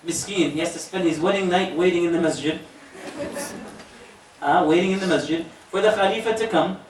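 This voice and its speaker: An animated preacher tells a story and jokes with his listeners. His voice is heard from a distance in an echoey mosque hall, with faint noise behind it. His pitch sits in the middle range. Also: brisk, long pauses. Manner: animated, joking asides to the audience. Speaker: imam giving a talk. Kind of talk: storytelling sermon.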